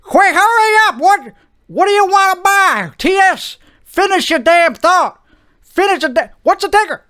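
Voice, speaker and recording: A man voicing an impatient, fast-talking male Wall Street stockbroker with a put-on New York accent. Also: very high voice, animated, pushed and bright, pitched above the performer's own voice, exaggerated voice. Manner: rapid, pushy, barking.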